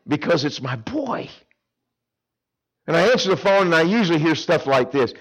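Man, middle-aged, pastor preaching, emphatic, loud to hushed, very lively pitch. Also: fairly quick. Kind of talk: sermon.

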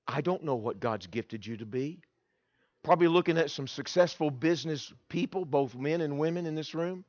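A man preaching a sermon, telling his own story in an animated way with quick restarts and repeated words. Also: fairly high pitch, no room sound. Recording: dull, dry sound.

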